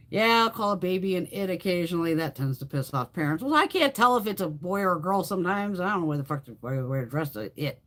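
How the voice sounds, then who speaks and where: Lively, foul-mouthed woman livestreamer. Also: on the low side. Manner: blunt, heavily profane, animated storyteller. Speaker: beauty livestream host. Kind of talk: casual live chat while doing makeup.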